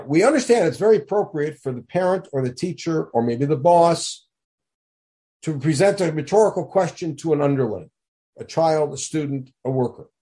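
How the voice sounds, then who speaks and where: A man leads a text study lesson, talking with emphasis and throwing questions at his listeners. His voice sits high and swings widely in pitch. The tone is mellow and a little husky. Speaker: Torah teacher.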